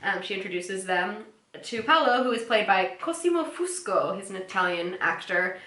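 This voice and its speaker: A woman's voice: medium pitch, animated, normal speed, sharp tone. A woman casually recapping episodes as a podcast co-host, chatty and giggly, often acting out quoted lines. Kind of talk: casual chat. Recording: echoey room.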